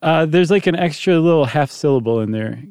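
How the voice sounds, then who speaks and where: A man's voice: on the high side, expressive, a little fast, darkish tone, smooth, no room sound, studio quality. A man co-hosting a podcast in casual chat, joking and explaining things. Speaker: podcast co-host.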